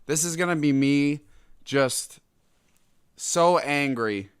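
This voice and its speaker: A young man hosts a solo podcast in an angry, exasperated rant, his voice jumping into loud outbursts. He talks slowly with a smooth, clear tone, recorded dry and close on the mic. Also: a little high, no room sound. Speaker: podcast host.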